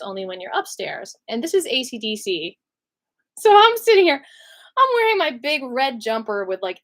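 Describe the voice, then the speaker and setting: A young woman telling a personal story to camera in an emotional vlog, acting out the voices of the people in it. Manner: animated, acts out other people's lines with big pitch jumps.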